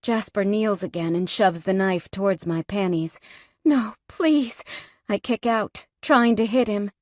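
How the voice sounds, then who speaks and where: A woman's voice: mid-range voice, moderate pace, a little mellow, dry recording, studio quality. A woman narrating a romance novel in the first person, in a tense, dramatic manner. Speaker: audiobook narrator.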